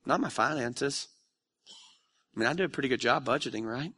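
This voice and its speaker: Impassioned, bright-voiced male pastor preaching. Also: brisk, husky. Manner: conversational and confessional, surging loud and high when emotional. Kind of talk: sermon. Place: church sanctuary.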